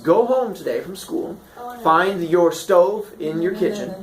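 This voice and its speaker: A man's voice: sits high, measured pace. A man teaching a class, telling old myths as comic stories and slipping into silly voices for the characters. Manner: animated, jokey, puts on voices for characters. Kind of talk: comic storytelling lesson. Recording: echoey room.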